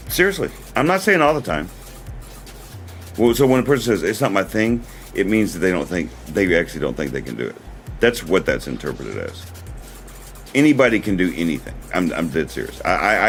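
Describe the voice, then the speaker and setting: A man hosting his own livestream, talking in an earnest, rambling way and often repeating himself. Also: deep voice. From United States. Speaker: livestream host. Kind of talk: casual livestream talk.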